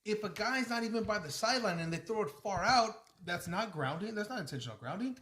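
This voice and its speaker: A man co-hosting a podcast in casual sports chat, telling animated stories and swearing often. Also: sits high, fast talker. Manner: excited storytelling, frequent swearing. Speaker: podcast co-host.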